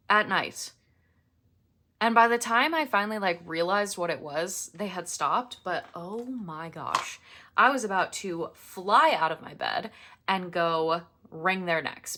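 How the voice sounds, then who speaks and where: A woman's voice: mid-range voice, pushed and bright. A young woman chatting casually as she decorates a planner at home in her apartment, with chatty, exasperated ranting asides. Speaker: planner vlogger. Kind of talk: casual chat while crafting.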